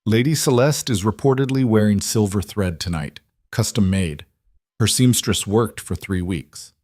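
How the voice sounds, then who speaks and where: A man doing a shrewd old royal advisor in a spoken fantasy story. He talks quietly and evenly, in a low register. Close, dry recording with no room sound. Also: normal speed, no echo, natural voice. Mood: dry, patient. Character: shrewd older male royal counsel, dry and patient.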